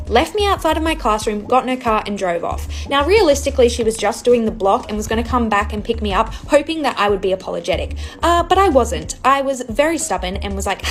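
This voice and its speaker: A woman recounts a childhood mishap in a wry, matter-of-fact tone. Her voice sits a little high. Quiet music plays behind her. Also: lively intonation, fast, few pauses. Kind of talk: casual storytime.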